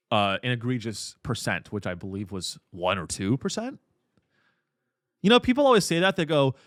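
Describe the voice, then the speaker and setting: A man's voice: on the low side, a bit bright, clear, resonant tone, no room sound. A man hosting a comedy podcast, delivering a profane, ironic, rambling rant with many restarts into a close mic. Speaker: podcast host.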